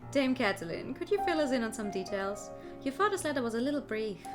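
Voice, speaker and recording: A woman voicing a composed male falcon lawyer in a video game, with a lowered voice and formal, measured speech. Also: sing-song, music in the background.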